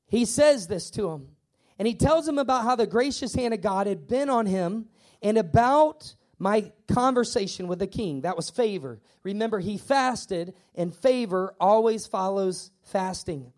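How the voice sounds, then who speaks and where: A man's voice: high-pitched, lively intonation, a little slow, darkish tone. A man pastor preaching a sermon, emphatic and repetitive, with stammering acted asides.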